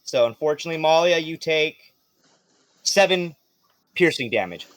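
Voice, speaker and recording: A man narrating as game master of a tabletop role-playing game, lively and quick to laugh. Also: a little high, dry recording. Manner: lively, laughs often, jumps into quick character shouts.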